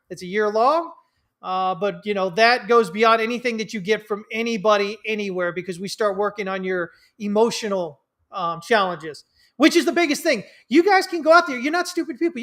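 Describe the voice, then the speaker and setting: A man's voice: sits high, a bit bright. A man hosting a casual trading livestream, rambling with lots of fillers and restarts, a bit stuffy from allergies. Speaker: livestream host, trading mentor. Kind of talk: casual livestream market commentary.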